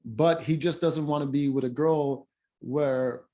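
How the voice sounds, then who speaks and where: A man's voice: on the high side, fairly even intonation, a little slow, warm tone. A man recapping a reality-show episode in casual chat, rambling with lots of fillers and restarts and blunt asides. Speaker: show reviewer.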